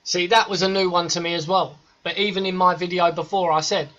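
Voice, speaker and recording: Guy ranting over a clip, swears a lot, bit high voice, kinda muffled audio. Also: steady tone, fairly quick, sharp tone. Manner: sweary, slangy, emphatic. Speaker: reaction vlogger. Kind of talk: reacting to a clip. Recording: dull lo-fi recording.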